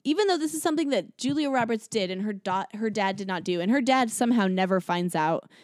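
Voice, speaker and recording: A woman's voice: medium pitch, animated, fast, no room sound, studio quality. A young woman co-hosting a podcast, casually recapping a film with lots of fillers and acted-out quotes. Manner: chatty, lots of likes and ums, acts out quotes. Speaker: podcast co-host.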